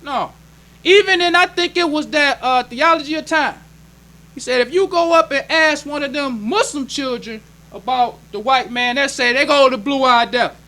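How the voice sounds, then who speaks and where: High-voiced emphatic male preacher. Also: normal speed, sharp tone. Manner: emphatic preaching with repeated phrases; plainspoken, conversational delivery. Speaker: minister. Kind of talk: sermon.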